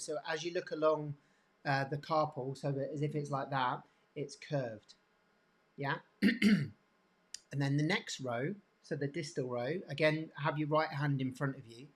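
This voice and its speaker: A man teaching hand anatomy off the cuff, pointing to bones, with many restarts and frequent throat clearing. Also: fairly high pitch. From England. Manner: halting, repeats words, frequent throat clearing. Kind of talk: unscripted teaching demonstration.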